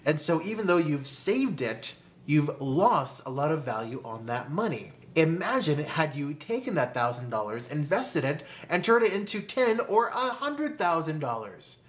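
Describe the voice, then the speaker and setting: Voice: mid-range voice, big pitch swings. A host giving a motivational talk to camera about money, calling the listener "my friend" and asking rhetorical questions. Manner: slow, deliberate emphasis on key phrases. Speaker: personal finance video host.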